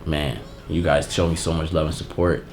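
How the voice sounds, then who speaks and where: Deep voiced guy doing a laid back unboxing vlog, emotional and slangy, some faint music behind. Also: moderate pace. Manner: heartfelt, emotional thanks, relaxed slangy talk. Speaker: channel host.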